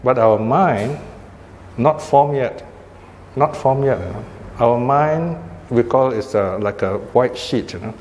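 A man's voice: mid-range voice, slow, a little mellow. An older man, giving an informal Buddhist dharma talk in a conversational manner and checking in with "you know" and "right?". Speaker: Buddhist teacher. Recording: hall reverb, faint ambient noise.

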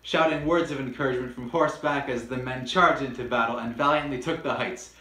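A man's voice: mid-range voice, fairly quick, sharp tone, a little hiss or hum. Playful man hosting a history lesson. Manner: playful, with mock-dramatic outbursts. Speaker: history video host. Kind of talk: scripted history lesson with jokes. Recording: roomy echo.

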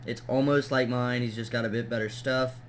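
A man's voice: mid-range voice, steady tone, fairly quick. A young man hosting his own game channel, chatting casually as he builds, easily distracted, laughing at his own mistakes and counting blocks aloud. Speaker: gaming channel host. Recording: loud background noise and keyboard clicks.

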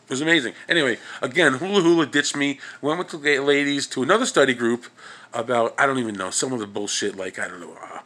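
A man's voice: mid-range voice, quick pace, pushed and bright. A man ranting casually and comically on his vlog, rambling and swearing with lots of restarts and filler words. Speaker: vlog host. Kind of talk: comedic rant.

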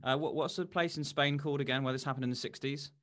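A man's voice: on the high side, fairly even intonation, fast, fairly bright tone. A man hosting a podcast interview, giving brief affirmations and asking steering questions. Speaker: podcast host. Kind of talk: interview conversation.

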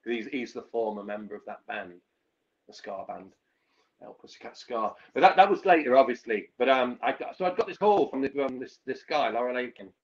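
A man's voice: mid-range voice, lively intonation, brisk, lo-fi sound. A man, a musician guest, telling a long story casually with many restarts and fillers.

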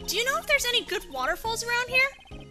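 A hyper, chirpy teenage spirit medium, voiced by a woman reading game lines. The voice sits high and leaps around in lively swoops. Video game music plays underneath. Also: quick pace. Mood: eager. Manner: excitable and chirpy. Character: bubbly hyper teen girl spirit medium. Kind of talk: voicing game dialogue.

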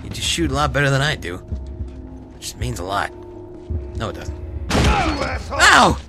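A man commentating a game as he plays, joking and talking to the characters, dropping to whispers and bursting into yells and swearing. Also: medium pitch, lively intonation, normal speed. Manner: swings from hushed whispers to loud yelling and swearing. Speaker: gameplay commentator. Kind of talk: let's play commentary. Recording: game music playing behind.

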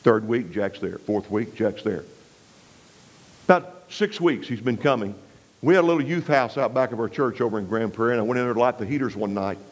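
Man, revival preacher, storytelling sermon, folksy, mid-pitched voice. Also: a little fast, poor audio. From West Texas. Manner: folksy, drops low and quiet for emphasis; rises and presses when preaching scripture.

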